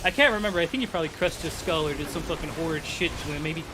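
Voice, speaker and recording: A young man, a game streamer, rambling in excitable, profane casual chat at his home gaming setup on a desk microphone. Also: a little high, rapid-fire, background noise.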